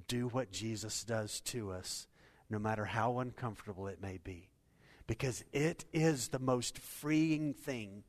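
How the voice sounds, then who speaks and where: A man preaching a sermon to a congregation, speaking earnestly and asking his listeners rhetorical questions. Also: mid-range voice. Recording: long hall reverb.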